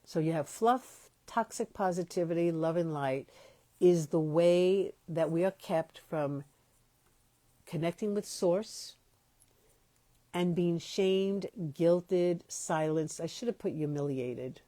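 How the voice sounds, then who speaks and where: A woman hosts a reflective spiritual podcast in a low, mellow voice. She talks slowly, pausing often and correcting herself. The sound is close and dry, with no room echo. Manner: slow, pausing, self-correcting speech. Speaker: podcast host. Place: home, moved from New York to Los Angeles.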